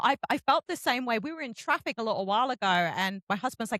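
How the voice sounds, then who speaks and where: English woman, interview host, giggly and animated, bright high voice, dry close sound. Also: fast, few pauses, no room sound. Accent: southern English. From England. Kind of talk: casual interview chat.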